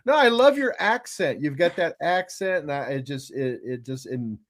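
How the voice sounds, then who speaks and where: A man's voice: on the high side, animated, moderate pace, no room sound, clean studio sound. A man co-hosting a podcast, gushing enthusiastically in casual chat. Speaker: podcast co-host.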